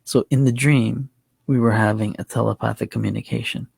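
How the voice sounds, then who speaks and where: A man's voice: mid-range voice, steady tone, fairly quick, creaky, a little mellow, slightly rough. A man hosting a casual chat, rambling through a story with restarts and chuckles. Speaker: channel host.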